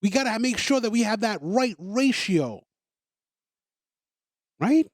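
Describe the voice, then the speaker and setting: Emphatic high-voiced man ranting. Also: animated, takes it slowly, no room sound, clean studio sound. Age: adult parent. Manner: emphatic, repetitive, stammers on restarts. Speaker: podcast host. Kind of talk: opinionated monologue.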